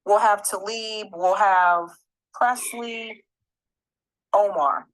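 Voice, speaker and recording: A woman's voice: very high-pitched, animated, takes it slowly, long pauses. A woman giving an angry, emphatic political commentary, swearing and repeating her points.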